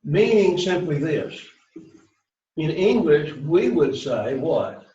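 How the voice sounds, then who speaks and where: A man's voice: on the high side, sing-song, slow pace, warm tone. A man teaching an introductory Greek class in a classroom, repeating phrases and often checking in with "right?" and "okay?". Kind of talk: classroom lecture. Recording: roomy classroom, dull lo-fi sound.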